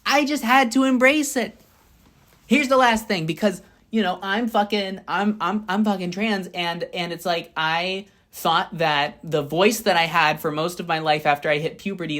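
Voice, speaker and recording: A young adult woman giving a blunt, profane motivational monologue to camera. She often repeats lines for emphasis and swings between high bursts and low murmurs. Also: moderate pace, a bit bright. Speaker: vlogger.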